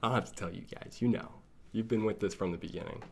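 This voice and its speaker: Deep gravelly guy rambling through a reaction vlog right up on the mic, bit of hiss. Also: quick pace. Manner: chatty, thinks aloud, laughs at himself. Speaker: YouTube theory vlogger. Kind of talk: casual reaction commentary. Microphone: sitting close to the mic.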